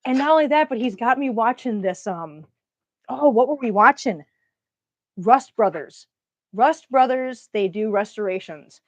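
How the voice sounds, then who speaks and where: A woman's voice: on the high side, lively intonation, a little slow, no echo, dull audio. A woman with a Minnesotan accent hosting a casual livestream, chatting with viewers and telling stories. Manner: chatty, storytelling, greets viewers warmly. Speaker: livestream host.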